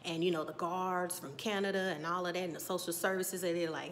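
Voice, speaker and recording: A woman giving a casual, animated TV episode recap, chatty and sassy as she acts out scenes. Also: lowish voice, a little fast, hardly any pauses, a little hiss or hum. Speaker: TV recap vlogger.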